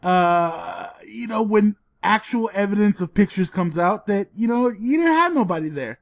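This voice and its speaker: A man's voice: high voice, expressive, normal speed, creaky, no echo, clean studio sound. A man co-hosting a podcast in casual chat, laid-back and laughing often. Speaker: podcast co-host.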